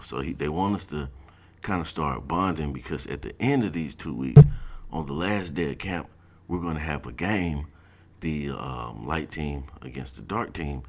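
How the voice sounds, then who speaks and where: A man with an extremely low, deep voice, telling a personal story in a relaxed, casual way. He talks in loose, slangy speech with plenty of fillers. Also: moderate pace. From South Georgia, US. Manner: laid-back, slangy, laughs at his own story.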